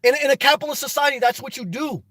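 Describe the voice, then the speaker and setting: A man's voice: extremely high pitch, very fast, a bit bright. A man reading chat on a phone live stream, talking politics in an emphatic casual way. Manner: emphatic, repeats "okay?" and "good job".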